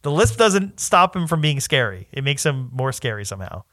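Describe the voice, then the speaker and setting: A male podcast co-host in loose, casual conversation. He rambles, stops and restarts, and slips into lively mimicry when quoting people. His voice sits at an average pitch and is recorded close and dry, with no room sound. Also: moderate pace, dry recording. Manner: rambling, self-interrupting, animated quoting. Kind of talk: casual chat.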